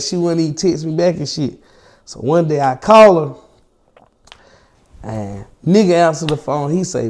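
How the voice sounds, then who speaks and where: Young male interview guest, a bit high and gravelly, spinning a slangy, profane story. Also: lively intonation, moderate pace, darkish tone.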